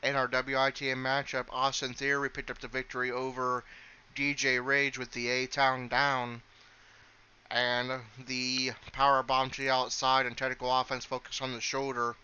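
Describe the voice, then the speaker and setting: Bright-voiced male wrestling commentator. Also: mid-range voice, moderate pace, clean tone, muffled recording. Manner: steady announcer delivery, reads lists of names. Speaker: wrestling commentator and show host. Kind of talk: play-by-play commentary and results rundown.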